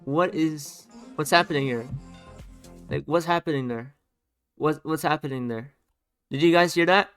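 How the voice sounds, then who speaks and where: A man with a fairly high, smooth voice rants casually about a song, restarting and repeating words as he picks apart the mix. The song he is reacting to plays faintly underneath him. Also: normal speed, long pauses. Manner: animated, repetitive, talks over playing song. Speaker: music reaction youtuber. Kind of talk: casual ranting commentary over music. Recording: music under the voice. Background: music playing.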